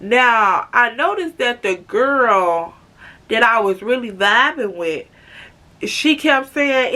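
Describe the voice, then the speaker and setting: A woman in her twenties from Chicago telling an animated, slangy storytime to her viewers. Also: high voice, slow pace. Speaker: vlogger. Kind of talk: storytime vlog.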